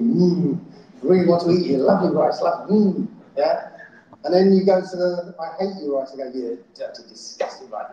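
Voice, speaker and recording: This conference speaker's voice is a little high with a dark tone, and the highs are cut off. Speaking live to a festival audience, he often checks in with "yeah?" and "right?", all captured in a very echoey hall.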